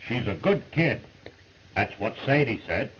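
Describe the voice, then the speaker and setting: An actor playing a friendly, joking outlaw cowboy who talks in a folksy, joshing way, in 1930s film acting. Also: male voice, medium pitch, big pitch swings, unhurried. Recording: muffled old film soundtrack with hiss.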